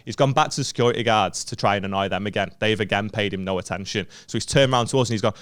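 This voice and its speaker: A man's voice: fairly low pitch, fairly bright tone, no echo. A man from the north of England with a Northern English accent, co-hosting a podcast and telling a story in casual, sweary chat while acting out what people said. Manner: rapid anecdotal storytelling, swearing freely, acting out quoted lines. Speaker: podcast co-host.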